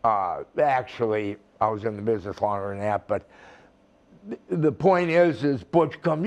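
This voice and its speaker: An older man, a retired wrestler, telling rambling stories in an interview, acting out quotes and swearing freely. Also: mid-range voice. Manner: slow, rambling storytelling with profanity and acted-out quotes. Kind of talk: storytelling shoot interview.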